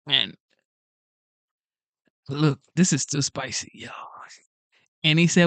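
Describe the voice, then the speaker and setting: A man giving casual reaction commentary on a political clip. He is excitable and keeps blurting out exclamations. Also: a little high, slow, vocal fry, long pauses, dry recording.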